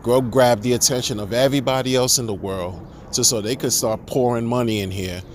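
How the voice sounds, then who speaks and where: Speaking a little fast and in a steady tone, a man with a mid-range voice rants about crypto, exasperated and sarcastic. He restarts his sentences and peppers the monologue with rhetorical questions, over a little hiss or hum.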